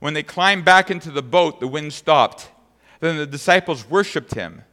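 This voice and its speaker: A man's voice: on the high side, normal speed, bright, forceful tone, in a large hall. A man preaching a sermon as pastor, reading scripture aloud and then speaking conversationally to the congregation.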